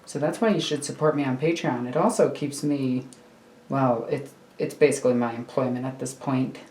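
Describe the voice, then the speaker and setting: A woman's voice: a bass voice, normal speed, a little mellow, echoey room. A woman rambling casually while building a miniature model at home, chatty and self-mocking. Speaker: miniature hobby streamer. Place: home hobby room. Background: faint computer hum.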